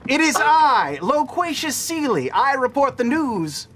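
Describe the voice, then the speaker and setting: A man voicing a grandiose male herald who reads the news in booming, theatrical proclamations. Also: sing-song, fairly bright tone, exaggerated voice. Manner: booming proclamations, dramatic pauses.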